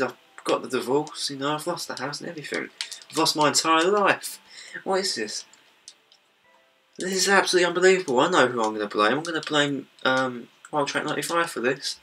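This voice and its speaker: A young British man gives rambling, self-deprecating commentary over a video game, with a bright, forceful tone. He sounds a little distant from the mic, with a faint hiss of noise in the background. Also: on the high side, fairly quick. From Britain. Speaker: gaming YouTuber. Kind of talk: casual gameplay commentary.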